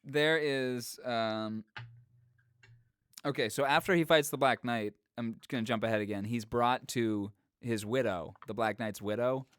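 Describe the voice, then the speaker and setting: A man's voice: medium pitch, clean tone, no echo, studio quality. A man co-hosting a podcast, chatting casually and jokingly about a movie he just watched. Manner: jokey, riffing, quick asides. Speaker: podcast co-host. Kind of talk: casual movie review chat.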